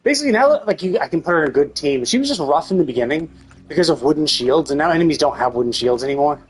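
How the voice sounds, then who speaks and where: A woman's voice: sits low, lively intonation, rapid-fire. A woman streamer giving live gameplay commentary, swearing often as she rants about the game in exasperation. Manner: profane, exasperated ranting.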